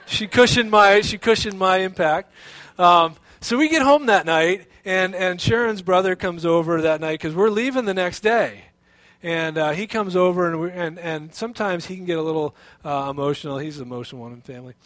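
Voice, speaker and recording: Man, pastor; lively storytelling sermon, a touch high, dry and close. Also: brisk, no room sound. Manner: animated storytelling, many restarts and fillers.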